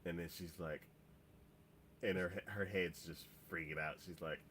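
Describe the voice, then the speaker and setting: A man's voice: sits low, fairly even intonation, measured pace, fairly bright tone, slight background noise. A man casually recapping an anime episode on a podcast, rambling with lots of "like" and "um" fillers. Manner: rambling, heavy on "like" and "um". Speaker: podcast co-host.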